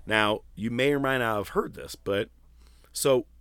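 A man hosting a casual wrestling podcast, telling stories in a profane, animated way. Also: medium pitch, a little slow, smooth, no echo. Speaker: podcast host.

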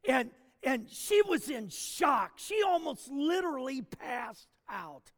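A man telling a story in a sermon, animated, with frequent restarts and fillers. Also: extremely high pitch, takes it slowly. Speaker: preacher. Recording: long hall reverb.

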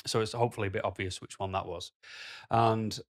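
A man with a fairly low voice, talking straight to his viewers. He is blunt and rambling, and he keeps dropping "you know" between thoughts. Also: steady tone, fairly quick. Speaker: vlogger. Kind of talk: casual monologue to camera.

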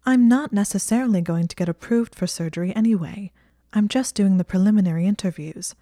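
A woman's voice: medium pitch, fairly quick, mellow, no echo, studio quality, lightly acted. A woman voicing a clever, stubborn teenage witch girl who speaks in an earnest, clipped, defensive way.

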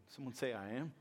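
A male pastor preaching a sermon, repeating key lines and acting out the voices of skeptics. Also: medium pitch. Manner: repetitive call-and-response preaching, acts out skeptics.

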